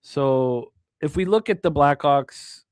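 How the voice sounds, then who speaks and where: Male sports betting host, fairly high voice, loose and rambling delivery, dry studio sound. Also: takes it slowly, no echo. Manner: rambling, self-correcting, upbeat. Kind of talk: casual sports betting talk.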